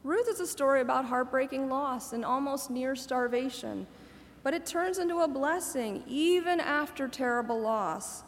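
A woman's voice: sits high, expressive, normal speed. Chatty woman preacher in an echoey hall. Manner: conversational, laughs at her own asides. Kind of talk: sermon.

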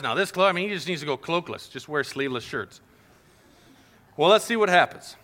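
A man preaching to children and families, animated and playful, acting out little scenes as he tells the story. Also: a little high. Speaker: pastor. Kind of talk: sermon to kids and families.

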